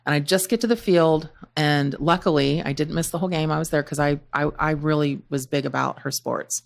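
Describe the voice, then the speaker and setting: A woman in her forties co-hosting a podcast, telling a story in an earnest way. Her voice sits very low for a woman. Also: brisk, vocal fry. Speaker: podcast co-host. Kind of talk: casual chat.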